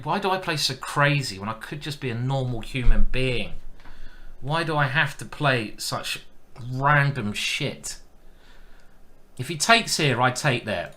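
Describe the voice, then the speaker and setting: A man talking through his chess moves on a live stream, musing out loud and teasing himself as he goes. His voice is bright and ringing. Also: mid-range voice, animated, unhurried. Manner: chatty, thinking aloud, self-mocking.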